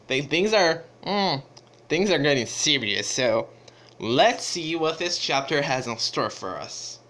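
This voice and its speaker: A man hosting a story game playthrough, excitable and stammering, his voice jumping high when startled. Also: slow pace. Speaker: gaming channel host. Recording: game music under voice.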